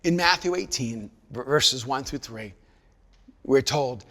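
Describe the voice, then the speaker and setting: A man preaching a sermon, moving from quiet storytelling to raised, emphatic delivery. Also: mid-range voice, lively intonation, takes it slowly, long reverb tail. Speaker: pastor.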